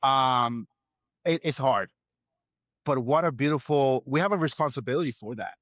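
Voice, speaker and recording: Earnest chef talking in lists. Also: male voice, medium pitch, normal speed, fairly bright tone, dry recording, muffled recording. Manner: earnest, builds points in lists. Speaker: chef guest. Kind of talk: reflective interview talk.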